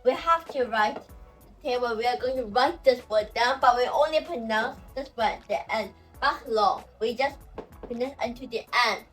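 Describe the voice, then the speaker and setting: A woman teaching language pronunciation, who talks slowly and says example words over and over. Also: a little high, fairly bright tone, far from the mic, soft background music, low-quality recording. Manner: slow and repetitive, saying example words over and over. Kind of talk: explaining pronunciation.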